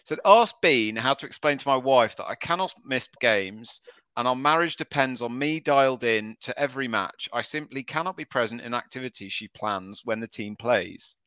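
A man hosting a casual podcast, reading out listener questions, laughing often and moving the chat along briskly. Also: mid-range voice, lively intonation, pushed and bright, no echo.

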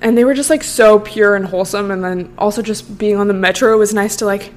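A woman's voice: mid-range voice, steady tone, quick pace. A young woman in her twenties hosting a podcast, rambling through a casual story with lots of filler words. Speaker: podcast host. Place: Los Angeles.

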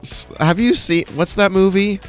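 A man's voice: high-pitched, normal speed, soft background music. A man on a radio show rambling and laughing through casual banter.

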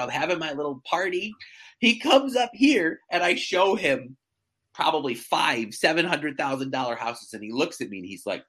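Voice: medium pitch, a bit bright, breathy edge. A real estate agent chatting casually as a podcast guest, telling stories animatedly with many fillers and restarts.

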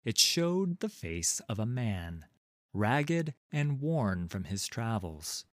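Slow, measured male fantasy narrator. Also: mid-range voice, sing-song, no room sound, clean studio sound.

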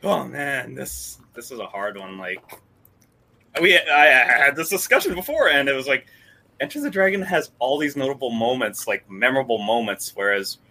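A man talking in a casual panel discussion, halting and restarting his sentences. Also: mid-range voice, bright, forceful tone. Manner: halting, restarts often, laughs easily.

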